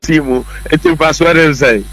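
A man's voice: on the high side, normal speed, a loud crowd, low-quality recording. A Ghanaian man arguing his political views on a talk show, emphatic and repetitive, mixing English words into his speech. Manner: emphatic, argumentative, repeats points, mixes in English words. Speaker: political commentator.

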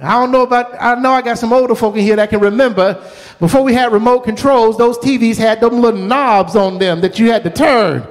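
A man's voice: very high voice, brisk. A middle-aged man preaching a storytelling sermon with a folksy, repetitive cadence. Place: church sanctuary. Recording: long church hall reverb.

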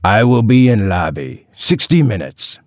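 A man voicing an angry, heavyset male caller with a deep, growling voice and a French accent, curt and interrupting. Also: big pitch swings, a little slow, darkish tone, no echo, clean studio sound. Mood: gruff.

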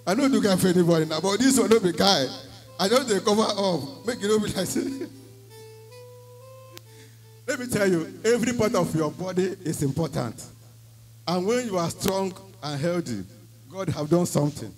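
Nigerian man, church testimony, emphatic storyteller, slightly high voice, soft music behind. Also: lively intonation, normal speed, long pauses, rough recording. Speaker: church member giving testimony.

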